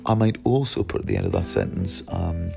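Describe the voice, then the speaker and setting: A deep, gravelly man explains his method for teaching languages, emphatic as he asks and answers his own questions. His tone is mellow and dark. A faint guitar plays behind him. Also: wildly swooping pitch, brisk.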